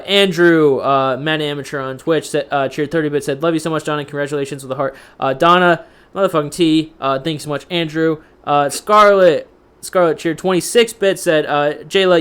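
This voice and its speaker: A man with a clear, smooth voice, pitched a little higher than most men, hosts a live stream. He reads out viewer cheers and thanks in a loose, halting way, with lots of "uh" and "um". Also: fairly even intonation, fairly bright tone. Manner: casual, halting with many fillers. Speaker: host.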